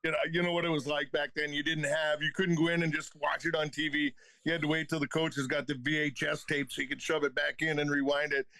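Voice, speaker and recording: A man's voice: fairly high pitch, level tone, fast, few pauses, pushed and bright, no room sound. A man in his fifties, a retired hockey enforcer, telling stories as a podcast guest with plenty of swearing and laughter. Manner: profane, laughing anecdotes. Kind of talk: casual storytelling.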